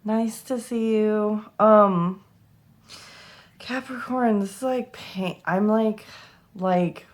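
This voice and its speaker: A woman's voice: medium pitch, fairly even intonation, very slow. A young woman giving a tarot reading to camera, emotional and close to tears, swearing freely as she talks. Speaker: tarot reader.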